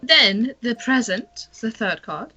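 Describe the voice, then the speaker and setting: Woman as a card-reading fortune-teller, slow and dramatic, bright voice, soft music behind. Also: fairly high pitch, expressive, husky, muffled recording, exaggerated voice. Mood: mystical. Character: theatrical female fortune-teller reading cards.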